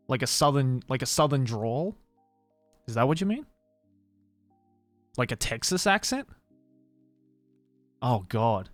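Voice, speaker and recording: A man's voice: medium pitch, no echo. An Australian man streaming and chatting casually, rambling with lots of fillers and restarts. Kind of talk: casual livestream chat.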